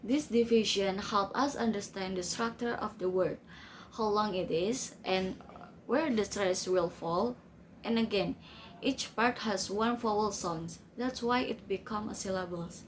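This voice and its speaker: Slow, careful woman presenting a lesson. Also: medium pitch, slight background noise, low-quality recording. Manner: slow, careful reading with non-native grammar slips. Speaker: student presenter. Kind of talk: reading a class presentation.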